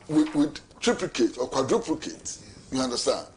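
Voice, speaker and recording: Ghanaian male talk-show host, middle-aged, high voice, hammers home rhetorical questions. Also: lively intonation, normal speed, noisy background. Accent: Ghanaian English. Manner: emphatic, repeats rhetorical questions. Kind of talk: political commentary.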